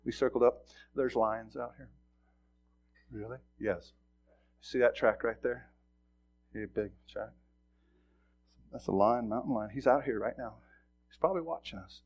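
A middle-aged male pastor preaching a sermon, telling a personal story in a folksy, animated way with sudden loud bursts. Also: medium pitch, a little slow, long pauses, highs cut off.

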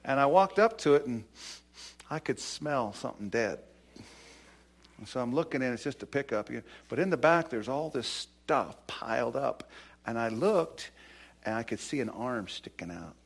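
A man's voice: medium pitch, lively intonation, moderate pace. Give me a middle-aged man preaching in a loose, storytelling way. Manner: conversational, many fillers and restarts. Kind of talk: sermon with personal storytelling.

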